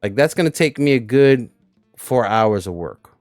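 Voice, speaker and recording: A man's voice: mid-range voice, animated, normal speed, darkish tone, no echo, studio quality, soft background music. A man hosting a casual reaction stream, rambling loosely with crude humor.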